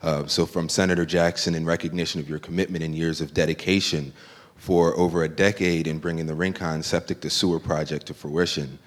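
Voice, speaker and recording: A man's voice: rumbling low, flat delivery, fairly quick. A man from a legislator's office presenting a formal recognition at a public meeting, with many filler uhs. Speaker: legislative staff representative. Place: public board meeting hall. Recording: long reverb of a meeting hall.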